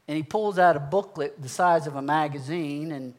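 A man's voice: on the high side, moderate pace. A man preaching, telling a personal story in a folksy, conversational way. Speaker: pastor. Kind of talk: sermon testimony.

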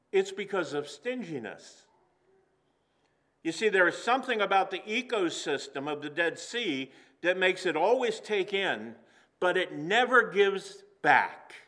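A man preaching a sermon to a congregation in a church, earnest and slowing down for emphasis. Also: high voice, a bit bright. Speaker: pastor. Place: church sanctuary.

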